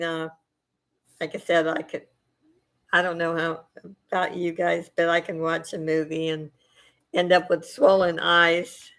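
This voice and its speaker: A middle-aged woman hosting a casual chat with her viewers, soft-spoken and emotional, wandering from thought to thought with many fillers. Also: fairly low pitch, flat delivery, measured pace, long pauses. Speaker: channel host chatting with viewers.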